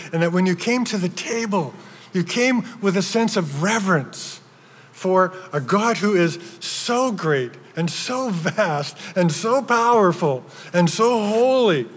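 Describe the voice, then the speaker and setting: A man's voice: sits high, fairly bright tone, breathy edge. A man preaching a sermon as pastor, earnest, with frequent restarts and building emphasis. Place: church sanctuary. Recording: long hall reverb.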